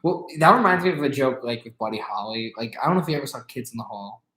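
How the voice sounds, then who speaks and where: A young man chatting casually as an interview guest, groaning and cursing at a friend's jokes before telling his own. His pitch is ordinary and middling. The recording carries a roomy echo. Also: animated, fast talker, a bit bright. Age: young adult. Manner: exasperated reactions, swears. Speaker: guest, musician. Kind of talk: casual chat. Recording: echoey room.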